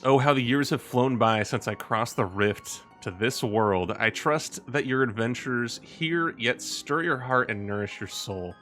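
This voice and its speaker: A man reading the lines of a gentle, courtly male minstrel from a game, in an ornate, storytelling way. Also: medium pitch, measured pace, few pauses, soft background music, natural voice. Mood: reflective. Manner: reads ornate in-game dialogue aloud.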